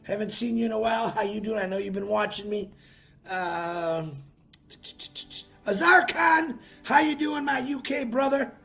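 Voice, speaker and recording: A man's voice: high voice, expressive, unhurried, vocal fry, a bit bright. A man hosting a live stream, chatting casually and greeting viewers by name with upbeat bursts, his voice worn from a long weekend. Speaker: livestream host.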